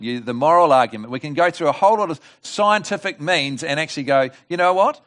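A man preaching a lively, conversational sermon at a church service, often asking the congregation questions. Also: mid-range voice. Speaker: guest preacher.

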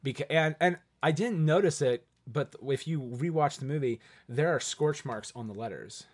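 A man co-hosting a podcast, chatting casually about a movie and lively about it. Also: on the high side, moderate pace. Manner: lively, acts out quoted lines. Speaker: podcast co-host.

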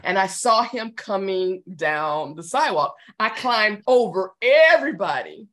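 A woman's voice: mid-range voice, a little slow. A woman in her thirties, co-hosting a podcast in casual chat, telling stories with lots of laughter and energy. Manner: animated storyteller, laughs often. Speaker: podcast co-host.

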